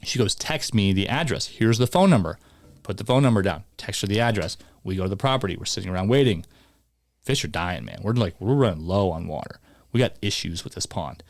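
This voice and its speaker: Guy with a lowish voice rambling thru a funny story on a podcast, dry close sound. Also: lively intonation, quick pace, vocal fry, dry recording. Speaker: podcast host. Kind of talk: casual chat.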